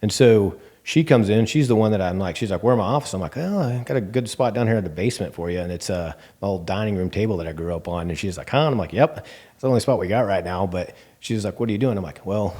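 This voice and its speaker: A bank CEO from the Texas Panhandle, low and mellow-voiced, sits as a guest in a laid-back interview. He's animated when telling stories, voicing every quoted exchange himself and scattering lots of ums and you-knows throughout.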